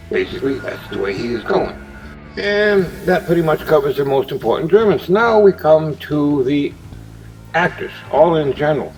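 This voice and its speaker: A man casually pitching a movie idea in a meandering monologue, with restarts and uneven loudness. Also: recorded from a distance, low-quality recording.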